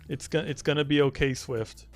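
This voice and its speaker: A man's voice: on the high side, fairly even intonation, normal speed, faint music behind. A young man streaming live, chatting casually, teasing and swearing as he rambles.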